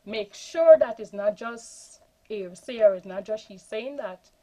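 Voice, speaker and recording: A woman's voice: a little high, unhurried, low-quality recording. A woman, a former school counselor telling a case story on a panel. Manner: animated anecdote telling.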